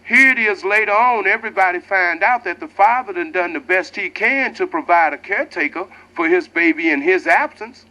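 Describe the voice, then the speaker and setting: A man's voice: sits high, moderate pace, few pauses, sharp tone, low-quality recording. A man hosting community radio, delivering an angry, profane monologue and preaching to his listeners.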